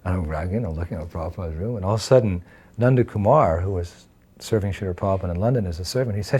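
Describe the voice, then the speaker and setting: A man in his sixties telling a personal story in an animated way, acting out the dialogue as he goes. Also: sits low, rapid-fire, husky. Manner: animated storyteller who acts out dialogue and laughs at himself. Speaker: devotee sharing memories of his teacher.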